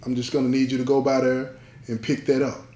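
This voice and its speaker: A man's voice: mid-range voice, monotone, fairly quick, mellow, echoey room, lightly acted. A man voicing a coaxing, manipulative prisoner father. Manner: coaxing, persuasive questions. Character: manipulative incarcerated father, middle-aged man.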